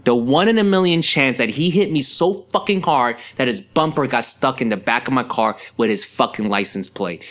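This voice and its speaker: Young man ranting, angry and profane. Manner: angry, profane, heavy cursing; animated, swings into loud high outbursts. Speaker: podcast host. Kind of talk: ranting monologue.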